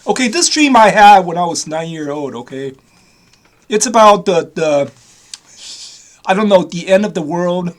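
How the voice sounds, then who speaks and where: High-voiced rambling man in his fifties. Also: animated, a little slow, pauses often. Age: 50s. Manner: repetitive, restarts often, casual swearing. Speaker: vlogger. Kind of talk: rambling personal story to camera.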